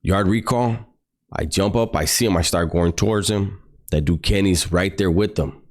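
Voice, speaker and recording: A man's voice: low voice, moderate pace. Blunt, profane man telling a story. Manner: blunt, profane street slang. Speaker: podcast guest. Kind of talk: recounting a personal story.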